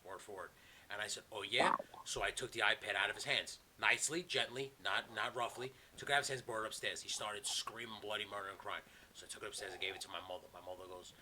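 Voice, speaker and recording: A man hosting a podcast from home, telling a long story in a casual, animated way with plenty of swearing. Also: lowish voice, background noise. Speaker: podcast host. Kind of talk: casual chat. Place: home, video call. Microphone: remote call mic.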